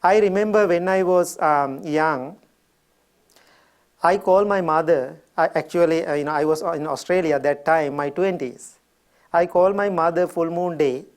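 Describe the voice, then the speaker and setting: Gentle Sri Lankan monk telling stories. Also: male voice, on the high side, moderate pace. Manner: gentle storytelling, chuckles often. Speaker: Buddhist monk teacher. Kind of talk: dharma talk with personal story.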